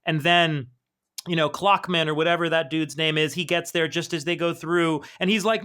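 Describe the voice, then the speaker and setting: A man co-hosting a podcast, excitedly retelling a comic book and laughing often. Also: on the high side, moderate pace. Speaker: podcast co-host. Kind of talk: casual comic-book discussion.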